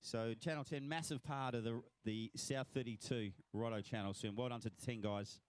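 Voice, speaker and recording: A man's voice: mid-range voice, fairly even intonation, normal speed, no echo. A man with an Australian accent, commentating live at a swim finish line and congratulating each swimmer by name.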